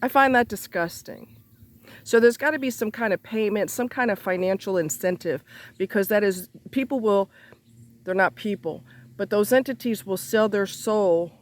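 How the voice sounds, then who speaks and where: A woman ranting straight to her viewers in an angry monologue, full of cursing and repeated rhetorical questions, her voice jumping up high when she gets heated. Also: a little slow. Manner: indignant, profane, rhetorical questions, pitch leaps when heated.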